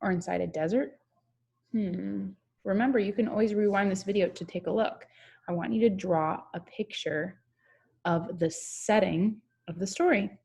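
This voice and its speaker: A woman's voice: medium pitch, moderate pace, vocal fry, darkish tone, breathy edge. A young woman teacher reads a picture book aloud to children, chatting and asking them questions along the way.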